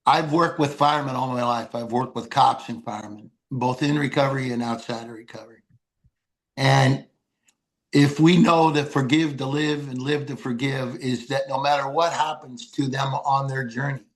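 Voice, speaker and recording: A man's voice: medium pitch, steady tone, normal speed. An older man, a podcast guest, telling folksy, heartfelt stories and reciting poems. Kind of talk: storytelling interview.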